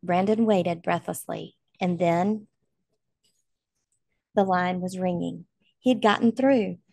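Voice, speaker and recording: A woman's voice: fairly low pitch, takes it slowly, creaky, darkish tone, no room sound. A woman narrating a novel aloud in an earnest, emotional way. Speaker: audiobook reader.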